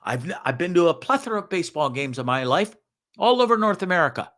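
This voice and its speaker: A man hosting a show, giving ranting commentary on a video in a profane, sarcastic, animated way. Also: high voice, fast talker. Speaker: show host.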